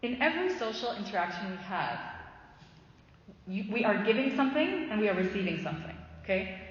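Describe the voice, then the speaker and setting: A woman's voice: medium pitch, sing-song, a little fast, slight background noise. A woman in her thirties giving a casual faith talk, chatty and loose, with lots of fillers and restarts. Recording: echoey hall, muffled sound.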